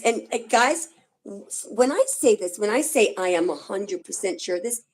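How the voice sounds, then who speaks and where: A woman giving live tarot readings on a stream, emphatic and excitable, swearing now and then. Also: mid-range voice. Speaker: tarot reader.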